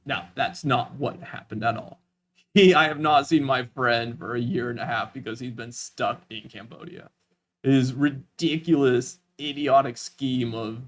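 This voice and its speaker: Lively-voiced man teaching English. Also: a little high. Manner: expressive, deliberate pausing and rising-falling intonation. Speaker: English tutor. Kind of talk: online English lesson. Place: lives in Vietnam.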